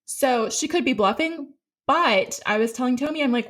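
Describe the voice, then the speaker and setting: Woman, podcast co-host, casual recap chat, slightly high voice, animated. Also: normal speed. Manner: animated recapping, acts out quoted people. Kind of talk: casual pop culture chat.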